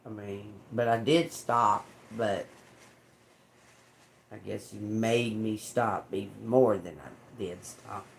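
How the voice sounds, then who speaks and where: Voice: medium pitch, steady tone, slow, gravelly, slight background noise. A tarot reader, rambling in casual livestream chat, laughing often and swearing heavily.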